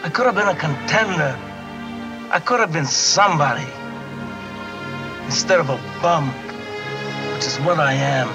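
An actor playing a bitter, washed-up ex-boxer reproaching his brother in a wounded, halting way, from an old film soundtrack. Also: fairly high pitch, over music. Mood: anguished. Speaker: film clip character. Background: dramatic film score.

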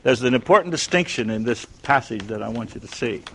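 A man teaching a Bible class who questions his listeners, answers himself, and swings between loud emphasis and hushed tones. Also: mid-range voice, animated, a little fast, a little hiss or hum.

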